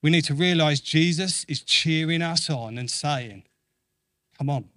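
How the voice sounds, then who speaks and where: Guy preaching a sermon, earnest, keeps repeating lines for effect, kinda high voice, dry sound. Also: moderate pace, no echo. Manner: earnest, repeats phrases for emphasis; acts out quoted voices with lively shifts.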